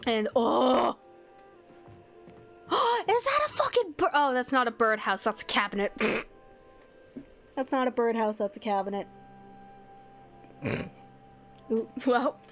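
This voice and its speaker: A woman streaming a video game, chatting casually, reading menu items aloud, getting excited and swearing freely. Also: a little high, slow pace, pauses often, soft background music.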